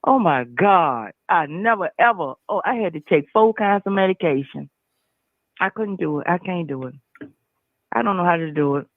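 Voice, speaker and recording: A woman's voice: on the low side, animated, normal speed, dry recording. A woman in her sixties calling in to a show, folksy and effusive, laughing often as she chats. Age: 60s. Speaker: caller. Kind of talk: casual call-in chat. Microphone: phone. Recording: tinny dry phone line.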